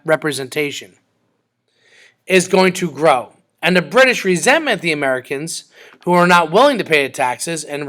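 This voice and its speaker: A man's voice: on the high side, bright, forceful tone. A man teaching a history lesson in a conversational way, acting out quoted exchanges between the sides.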